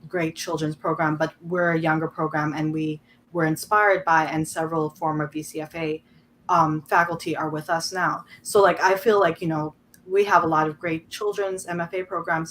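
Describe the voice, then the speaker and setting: A woman's voice: on the low side, slight background noise. A woman author chatting on a video call, telling stories with lots of "um" and "like". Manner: lively, chatty storytelling, many fillers. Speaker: guest author. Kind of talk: casual panel chat.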